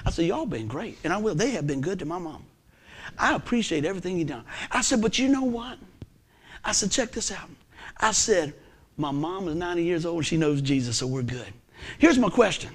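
This is a preacher in his fifties with a notably high voice. He tells his story in a folksy, animated way. He shifts between near-whispers and loud, ringing declarations. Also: a little fast, breathy edge. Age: 50s. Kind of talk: sermon storytelling.

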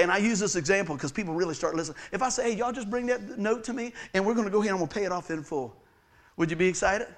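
A man preaching a lively sermon, telling personal stories, laughing often and acting out the people in them. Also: high voice. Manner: animated, laughs often, acts out voices of people in his stories.

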